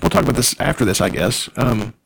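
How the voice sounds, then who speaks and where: Gravelly, lively man in profane banter. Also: mid-range voice, fast, noisy background. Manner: profane, joking, laughs often. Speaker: podcast co-host. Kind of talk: casual crude banter.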